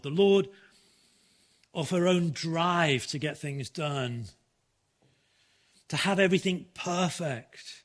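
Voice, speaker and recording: A man preaching a sermon in an earnest style, restarting phrases now and then and softening his voice for quoted words. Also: on the high side. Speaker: pastor.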